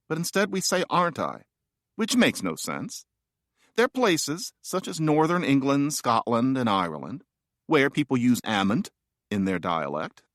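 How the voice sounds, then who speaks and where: A man reads his own nonfiction book aloud, playful and wry, with chatty asides. His voice is mid-pitched and swings widely in melody. The sound is dry and close, recorded in a studio. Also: sing-song, measured pace, fairly bright tone, no echo. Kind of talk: nonfiction audiobook narration.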